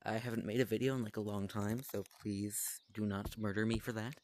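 A man's voice: fairly low pitch, fairly even intonation, fairly quick, a little mellow, a little hiss or hum. A man giving rambling, offhand gameplay commentary into a VR headset mic, mocking himself as he goes. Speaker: gaming vlogger. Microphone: VR headset microphone.

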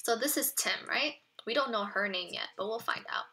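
Give me a woman teacher with a bright, slightly high voice, patiently explaining words in a children's read-aloud lesson. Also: moderate pace.

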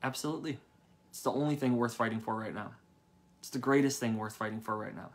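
A man's voice: mid-range voice, fast. A young man preaching a sermon in an earnest, conversational way, often repeating phrases.

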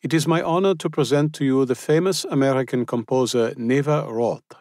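A male narrator voicing a formal Austrian gentleman introducing a guest in a ceremonious manner. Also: medium pitch, brisk, no echo, studio quality, pitched above the performer's own voice, natural voice.

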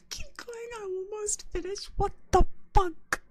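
A woman's voice: very high voice, takes it slowly, pauses often, slight background noise. A woman streamer talking on a live stream, giggly and flustered, swearing and shrieking with laughter.

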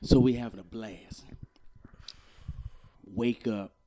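A young adult man co-hosting a casual podcast, telling a story and acting out the quotes, swinging from low mutters to loud outbursts. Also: slow. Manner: animated, acts out quotes with big swings from low mutters to shouts. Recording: noisy podcast recording.

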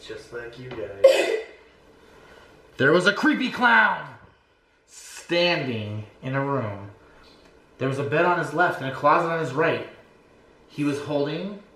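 A man telling his kids a spooky bedtime story at home, slow and hushed, his voice sometimes sinking to a murmur. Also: mid-range voice. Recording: roomy home echo.

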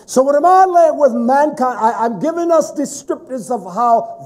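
A man preaching a sermon in a fervent, emphatic way, with sudden shouted stresses. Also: very high voice, lively intonation, normal speed.

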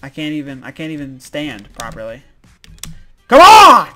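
A man's voice: mid-range voice, brisk, faint music behind. A man hosting a let's-play video, commenting in an exasperated, exclaiming, self-mocking way. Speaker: gaming video host.

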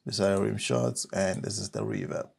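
Gravelly low-voiced man explaining beats. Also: moderate pace, slight background noise. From South Africa. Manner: relaxed, explains step by step. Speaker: music producer. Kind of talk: casual software tutorial.

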